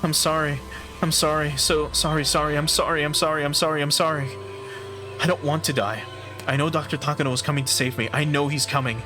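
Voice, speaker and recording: A man's voice: fairly high pitch, fairly even intonation, fairly quick, pitched above the performer's own voice, lightly acted. A man voicing a terrified little girl who pleads for mercy with frantic, repeated apologies over game music. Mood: panicked pleading.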